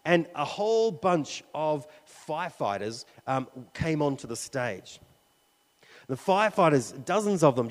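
A man preaching a sermon, telling a story in a conversational way with frequent fillers and restarts. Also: fairly high pitch. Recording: long hall reverb.

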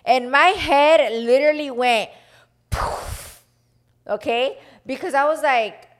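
A fairly high-pitched woman in her thirties chatting casually as a podcast co-host. She tells her story with energy and imitates the voices of the people in it, slipping in Spanish phrases between her English sentences. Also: moderate pace. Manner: animated storytelling, acts out quoted voices, mixes in Spanish phrases. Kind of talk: casual chat.

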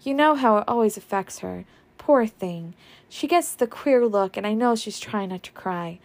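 A woman voicing a gentle young comforter. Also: mid-range voice, animated, moderate pace, lightly acted. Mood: soothing. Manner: soft, soothing.

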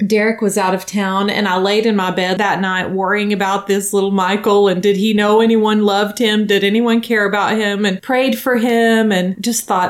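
A woman in her forties telling a personal family story in a casual, animated way, acting out what people said. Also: medium pitch, moderate pace, few pauses.

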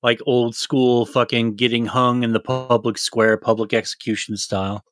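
A man's voice: mid-range voice, level tone, normal speed, fairly bright tone, dry recording. Swearing, rambling man on a dry mic. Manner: swears a lot, rambling and exasperated. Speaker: podcast co-host. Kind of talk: casual chat.

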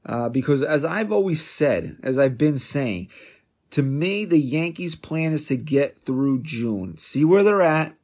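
Man, sports podcast host, fairly high voice, combative and sarcastic in his opinion rant. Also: expressive, unhurried, a little mellow. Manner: combative and sarcastic, jabbing questions.

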